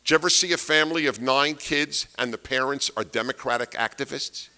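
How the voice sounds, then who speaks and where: Man, older, lecturing to a crowd; forceful, bright-edged delivery, heavy on repetition and rhetorical questions. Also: medium pitch, fairly quick. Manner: emphatic, rhetorical questions, repeats key phrases. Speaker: speaker giving a talk. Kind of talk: political lecture to an audience.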